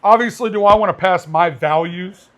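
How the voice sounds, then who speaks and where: High-voiced blunt man co-hosting a podcast. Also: moderate pace. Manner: blunt, animated storytelling. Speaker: podcast co-host, firearms instructor. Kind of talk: casual podcast chat.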